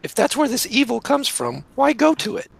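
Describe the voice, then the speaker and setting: A man's voice: very high voice, sing-song, normal speed, gravelly, slightly rough. A man playing a tabletop game, speaking for a farm girl character and laughing often. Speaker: player voicing a young farm girl. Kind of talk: tabletop role-play.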